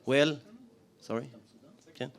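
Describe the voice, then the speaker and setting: A man in his forties with an Israeli accent gives a business pitch to a live audience, plain-spoken, questioning the room with frequent fillers. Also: steady tone, slow pace, creaky. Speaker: business presenter.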